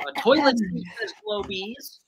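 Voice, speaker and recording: A woman's voice: a little high, lively intonation, unhurried. A woman with a New York accent hosting a live-stream game show, joking and reading out viewer answers. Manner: reads out viewer answers, jokey.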